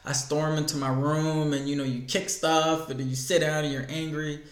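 A man's voice: on the high side, level tone, moderate pace, reverberant. A man earnestly telling his personal faith story as a guest in a conversation.

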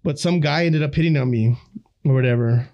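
A man's voice: on the high side, a little fast, dark tone, highs cut off. A man in his thirties, a teacher and musician, telling stories in laid-back podcast chat. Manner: laid-back storytelling, frequent swearing.

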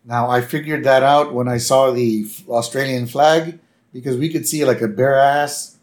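A man's voice: medium pitch, fairly even intonation, moderate pace. Easygoing male podcast co-host. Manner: loose retelling, with many fillers and tag questions. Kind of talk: casual chat recapping an episode.

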